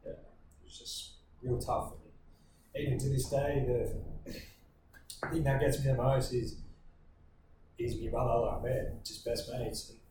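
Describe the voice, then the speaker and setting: A man's voice: medium pitch, little pitch movement. Young Australian man in an echoey room. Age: 20s. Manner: earnest, reflective, speaks in halting bursts. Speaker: podcast guest. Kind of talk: personal storytelling in conversation. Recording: very echoey room, distant mic, ambient noise.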